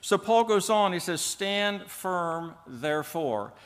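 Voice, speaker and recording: A man, a pastor, teaching an evening Bible sermon in a measured, explanatory way, reading and quoting scripture as he goes. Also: sits high, animated. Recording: long reverb of a church hall.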